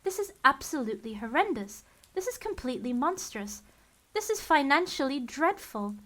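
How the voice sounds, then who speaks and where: A woman's voice: mid-range voice, expressive, normal speed, a bit bright, natural voice. A woman voicing an indignant, fussy male banker in a storybook reading. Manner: indignant, emphatic.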